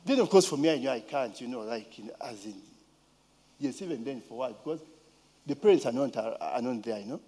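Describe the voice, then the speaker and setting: Animated Ugandan man telling a story. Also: medium pitch, fairly quick, breathy edge. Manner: animated, rhetorical questions, mimics a child's voice. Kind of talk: casual storytelling.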